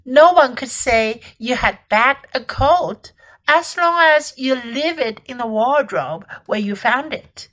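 A bright, earnest storybook boy, the eldest of four, as a woman reads him aloud. He speaks high and slowly. He sounds eager and decent. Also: expressive, heavily acted.

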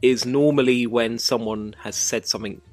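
A man's voice: mid-range voice, fairly even intonation, moderate pace, darkish tone, faint music behind. A British man co-hosting an explanatory chat, patiently showing how intonation changes meaning. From Britain. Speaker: co-host.

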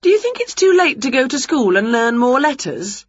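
A scatty, cheerful witch from a storybook, as a woman reads her aloud. She sounds high and excited and stretches her words out playfully. Her voice is husky and swoops widely, and the recording is dull and lo-fi. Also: normal speed, dry recording, exaggerated voice. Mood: eager.

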